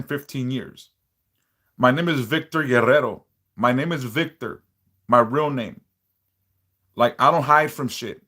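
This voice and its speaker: A man's voice: mid-range voice, fairly bright tone. Blunt, profane man chatting on a livestream. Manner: blunt, profane, warning viewers. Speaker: livestream host, spiritual worker. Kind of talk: casual livestream chat reading comments.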